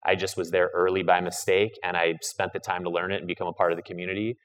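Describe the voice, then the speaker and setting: A man's voice: low-pitched, little pitch movement, fast, a bit bright. A man talking casually in an online audio chat, earnest and encouraging, modest about himself. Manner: earnest, encouraging, self-deprecating. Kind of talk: casual chat giving advice.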